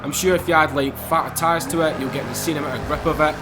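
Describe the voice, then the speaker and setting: A man giving excitable, laughing gameplay commentary as he drives in a racing game. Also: on the high side, quick pace, over music. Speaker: gaming YouTuber.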